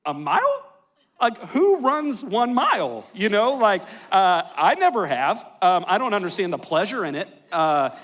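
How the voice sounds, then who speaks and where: Guy preaching, kinda high voice, cracking jokes on himself. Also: a bit bright. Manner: joking, self-deprecating storyteller. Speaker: pastor. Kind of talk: sermon with storytelling. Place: church worship hall.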